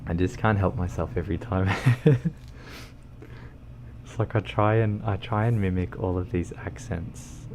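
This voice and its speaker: A man's voice: sits low, fairly even intonation, measured pace, a little mellow, slight background noise. A man streaming a truck driving game, chatting casually, rambling with lots of ums and reading chat aloud. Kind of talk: casual livestream chat while gaming.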